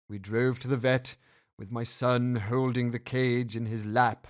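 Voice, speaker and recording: A man's voice: medium pitch, unhurried. A man reading a humorous family story aloud, putting on voices for the characters. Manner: animated, puts on voices for the characters. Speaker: story narrator.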